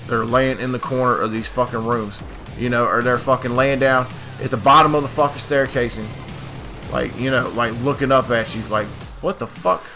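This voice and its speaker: This gaming channel host rambles through casual commentary on his gameplay, cursing nonstop and peppering his speech with "like" and "dude." He talks at normal speed in a medium-pitched, pushed, bright voice with fairly even intonation, and soft music plays behind him.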